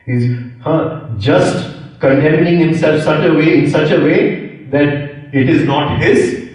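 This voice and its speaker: A man's voice: on the high side, slow, a little mellow. A middle-aged man giving a spiritual lecture as a yoga teacher, talking reflectively, repeating key phrases and checking in with his listeners. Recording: very echoey room, mic far off.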